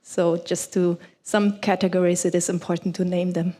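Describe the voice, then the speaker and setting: A woman on a panel speaking in a hesitant, halting way, her voice level and even, with little rise or fall. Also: lowish voice. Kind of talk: panel discussion remarks.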